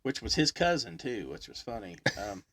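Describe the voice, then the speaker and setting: A man's voice: medium pitch, big pitch swings, moderate pace, fairly bright tone, dry recording. A middle-aged man co-hosting a podcast, telling rambling stories and laughing often, with close, dry sound. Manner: rambling anecdotes with lots of laughter and acted quotes. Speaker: podcast co-host. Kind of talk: casual chat, storytelling.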